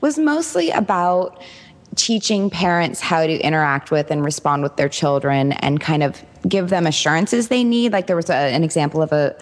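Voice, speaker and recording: A woman with a very low voice chats on a parenting panel. She explains things quickly and earnestly. Her voice carries a long reverb. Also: lively intonation. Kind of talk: casual chat.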